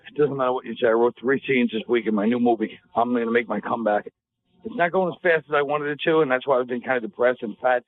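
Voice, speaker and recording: A man's voice: mid-range voice, fast, few pauses. Sarcastic man on tinny radio audio. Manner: sarcastic, deadpan teasing. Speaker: comedian. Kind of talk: casual radio banter.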